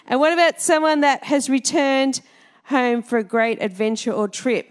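A woman's voice: high-pitched, moderate pace. A middle-aged Australian woman minister giving a chatty church talk, quizzing the congregation and laughing often. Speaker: Salvation Army minister.

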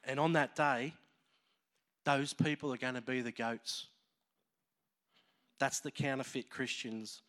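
A man preaching a sermon as a pastor, emotional and animated, acting out voices as he tells a parable. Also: medium pitch, takes it slowly, pauses often.

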